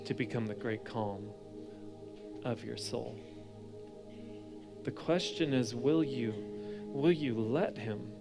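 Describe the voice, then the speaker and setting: A young adult pastor with a mid-range voice preaches a sermon, shifting between hushed, intense passages and loud, animated storytelling.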